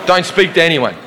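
A man's voice: on the high side, pushed and bright, long reverb tail, slight background noise. A man doing stand-up, telling a brash, swearing, rambling story. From Australia. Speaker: stand-up comedian.

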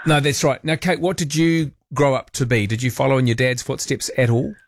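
A man's voice: mid-range voice, fairly quick, no room sound. A man hosting talkback radio, playful and chatty. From New Zealand. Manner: playful, animated, jokey asides. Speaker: radio show host. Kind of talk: casual talkback radio chat.

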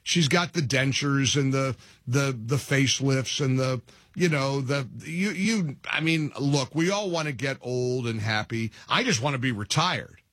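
A middle-aged man hosting a talk radio show, mocking and animated, laughing at his own jokes. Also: mid-range voice, measured pace, no room sound, clean studio sound. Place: radio studio.

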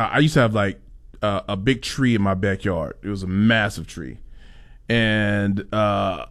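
A male co-host joins the chat on a radio show. His voice sits fairly low, and he tells his stories in a relaxed, upbeat, easygoing way. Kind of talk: casual chat.

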